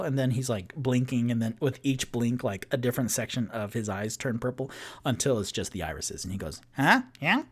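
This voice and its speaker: A man narrating and hosting a live-streamed tabletop game, talking casually with lots of fillers. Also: medium pitch. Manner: casual, rambling, filler-heavy. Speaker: game master and show host.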